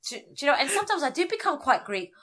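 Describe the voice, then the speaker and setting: Bright, lively woman comedian. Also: high voice, racing. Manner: lively storyteller who slips into comic voices. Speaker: comedian guest. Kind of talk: animated podcast chat.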